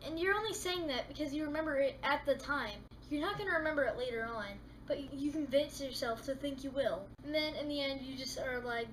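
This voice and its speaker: A woman vlogger in a casual comedic monologue, talking in an animated way and acting out little scenes with exasperated rants. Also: high-pitched, fast talker, a little hiss or hum, poor audio.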